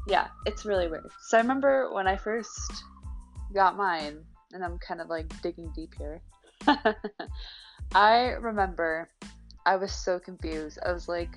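A woman's voice: fairly low pitch, unhurried, faint music behind. A young woman hosting a podcast in a casual, confessional chat, candid and laughing often, swearing freely. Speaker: podcast host.

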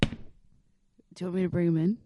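A woman co-hosting a casual comedy chat, deadpan with offbeat remarks. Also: on the low side, brisk, a little hiss or hum. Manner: deadpan, offbeat non sequiturs. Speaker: podcast co-host.

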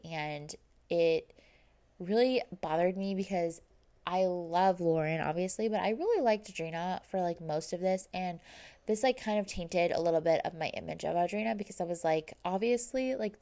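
A woman's voice: on the low side, a little mellow. A young woman recapping episodes in casual chat, rambling and quoting people, with "like" in almost every phrase. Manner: rambling, says "like" constantly, quotes people in retelling. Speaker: reality TV recap host.

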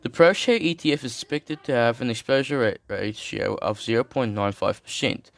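A young man reads an article aloud in a casual, slangy way, tripping over hard terms and cracking jokes between lines. His voice sits at an ordinary middle pitch. The sound is dry and close. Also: normal speed, creaky, no echo. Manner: slangy, jokey asides, stumbles over terms. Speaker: streamer reading an article. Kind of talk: casual reading with commentary.

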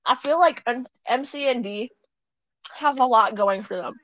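A young woman with a fairly high voice chats casually from her bed, rambling and giggling and stopping to correct herself. The sound is dry and close, with little room around it. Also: moderate pace, fairly bright tone, no room sound, lo-fi sound. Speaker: podcast co-host. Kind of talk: casual chat.

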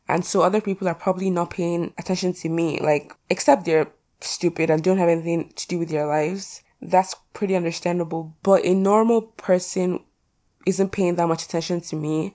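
A woman's voice: on the low side, mellow. A teenage girl hosting her own podcast, chatting casually in a rambling, self-mocking way. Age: teens. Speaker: podcast host. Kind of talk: casual solo podcast chat.

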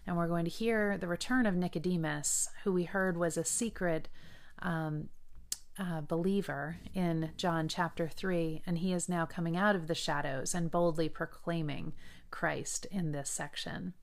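A woman reads scripture aloud in a voice pitched a little low for a woman. She keeps a steady, measured pace and adds short remarks between the passages. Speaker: Bible reader. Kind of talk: Bible reading with short commentary.

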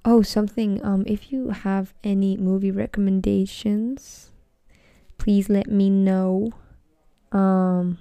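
Young woman doing a chill solo podcast, dark mellow voice with fry, swears a ton, kinda frazzled and rambly. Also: mid-range voice, level tone, takes it slowly, no echo. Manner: rambling, frazzled, swears a lot, drifts into whispers. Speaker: podcast host. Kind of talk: casual solo podcast chat.

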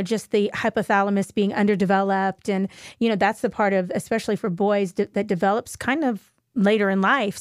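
A woman hosts a conversational interview and keeps chiming in with affirming interjections. Her voice sits at an ordinary pitch. The sound is dry and close, with no room echo. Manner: warmly affirming, frequent encouraging interjections. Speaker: host.

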